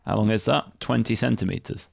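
British guy chatting, gravelly voice, dry close mic, teasing. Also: on the low side, a little fast, a little mellow, dry recording. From Britain. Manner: dry, teasing, reads out news items. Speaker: co-host. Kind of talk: casual news chat.

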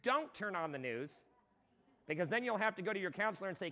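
High, bright impassioned preacher man. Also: lively intonation, fast. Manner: impassioned, conversational preaching with sudden shouts. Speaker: pastor. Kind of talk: sermon. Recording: long hall reverb.

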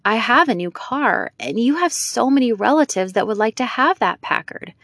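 A woman reads the part of a polite, admiring man visiting an old lady, sounding courteous and earnest. She pitches her voice above her own, on the high side, animated and fairly bright at a moderate pace, in clean studio sound with no room sound.

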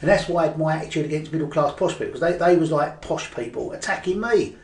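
A man's voice: a little high, quick pace, recorded from a distance. An older man from London's East End with a Cockney accent, telling stories as a guest in a rambling, casual way with many fillers and restarts. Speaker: guest poet. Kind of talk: casual interview chat. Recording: echoey room, away from the mic.

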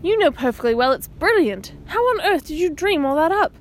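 A woman's voice: high voice, big pitch swings, a little fast, pitched above the performer's own voice. A woman voicing a sincere older teenage brother, earnest and admiring.

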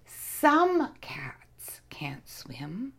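A woman voicing a brave, playful female cat in a children's story, speaking calmly and firmly. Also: medium pitch, drawn-out words, vocal fry, husky, full character voice. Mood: gentle.

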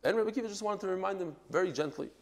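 A man teaching a Talmud class, explaining a passage with animated exclamations and quiet asides, mixing in Hebrew and Aramaic terms. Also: high-pitched, racing.

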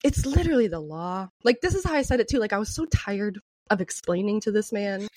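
A woman co-hosting a podcast tells a story in a casual chat, animated, swearing freely, and laughing often. Her voice is medium-pitched and a little fast, recorded at studio quality with no room sound.

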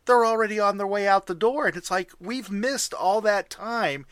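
Earnest American man, high bright voice. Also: moderate pace, no echo. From United States. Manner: earnest, repeats words when starting. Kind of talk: casual podcast chat.

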